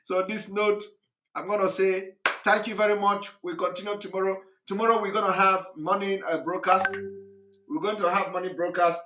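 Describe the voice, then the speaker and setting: A hoarse man, hosting a live address, talking repetitively with laughs and emphasis. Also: high voice, steady tone, moderate pace, echoey room, noisy background. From Nigeria. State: hoarse, recovering voice. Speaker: host of a live broadcast.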